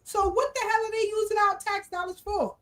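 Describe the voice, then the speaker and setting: A woman's voice: very high voice, steady tone, brisk, a bit bright. A woman hosting a casual livestream, energetically greeting viewers and repeating her greetings. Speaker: livestream host. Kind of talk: casual livestream shout-outs and chat.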